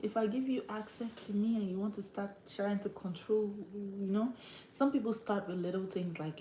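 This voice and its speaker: A woman's voice: mid-range voice, moderate pace, warm tone, echoey room, slight background noise. A woman with an African accent hosting a casual livestream chat, often breaking into laughter and acting out the voices she quotes. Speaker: livestream host.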